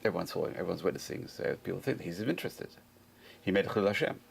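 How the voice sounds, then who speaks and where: A man's voice: deep voice, lively intonation, very fast, creaky, breathy edge. A man, a rabbi, giving an informal Torah class, repeating phrases for emphasis and answering his own questions.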